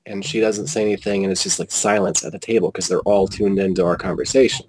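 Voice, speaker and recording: A man telling a personal story as an interview guest, animated and quoting whole conversations with frequent restarts. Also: on the low side, normal speed, husky, low-quality recording. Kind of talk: casual storytelling.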